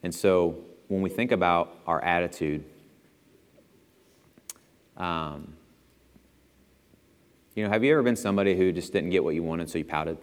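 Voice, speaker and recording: Speaking at a moderate pace with frequent pauses, this young church speaker has a smooth, low voice. His sermon is relaxed and story-driven, full of chatter, self-deprecating humor and chuckles, heard through the long reverb of a church auditorium.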